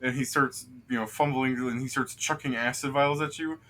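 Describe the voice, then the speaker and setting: A male game master narrates a tabletop session in a loose, joking way. His voice has a bright, sharp edge at a mid pitch. He laughs easily between descriptions. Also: normal speed. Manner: laughs a lot, relaxed and joking.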